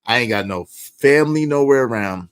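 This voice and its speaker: A man telling a personal story in profane street slang, swinging between low mutters and loud outbursts. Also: expressive, normal speed, clear, resonant tone. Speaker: podcast storyteller. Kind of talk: animated storytelling.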